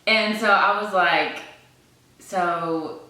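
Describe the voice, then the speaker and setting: A woman's voice: lowish voice, drawn-out words, sharp tone, distant mic. A young woman co-hosting a vlog, chatting casually and restarting her sentences as she goes. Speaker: vlog co-host. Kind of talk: casual storytelling to camera. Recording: echoey room, away from mic.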